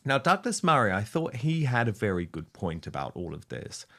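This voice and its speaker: A man hosting a panel discussion in a brisk, enthusiastic way. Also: lowish voice, sing-song, bright, forceful tone. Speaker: talk show host.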